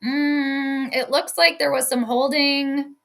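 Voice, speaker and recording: A woman's voice: sits high, flat delivery, takes it slowly, creaky. A woman giving casual live play-by-play commentary on a stream, chatty and laughing often as she reads out her chat. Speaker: sports streamer doing live game commentary.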